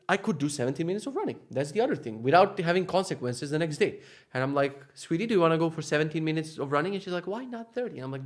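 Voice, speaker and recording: A man in his thirties talks alone into a podcast mic in a loose, casual monologue. He swears freely and swings between loud, heated rants and quiet, low asides, and his voice sits at an ordinary middle pitch. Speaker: podcast host.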